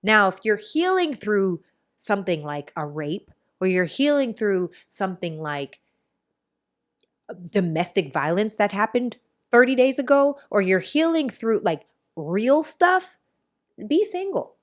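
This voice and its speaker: A woman hosting a podcast in casual chat, telling stories in an animated, rambling way with quick asides. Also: mid-range voice. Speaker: podcast host.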